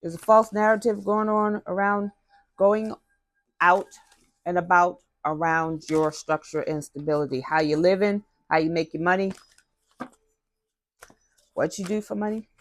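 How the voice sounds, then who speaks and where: A woman's voice: fairly low pitch, fairly even intonation, unhurried, pauses often. A woman giving a casual tarot-style card reading to her viewers. She talks straight to the audience and slips into slang. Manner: chatty, drops into slang, talks to viewers directly. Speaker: tarot reader.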